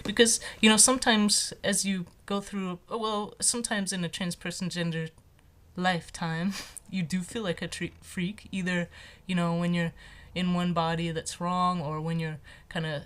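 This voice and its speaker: A transgender man who is not on hormones, with a voice in a typical female range, talking in a casual vlog monologue. He muses in a halting, light-hearted way with many fillers. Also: high-pitched, flat delivery, a bit bright. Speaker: vlogger.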